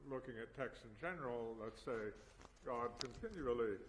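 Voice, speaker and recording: A man in a study group, making a thoughtful, halting comment in the discussion. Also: mid-range voice, animated, a little hiss or hum.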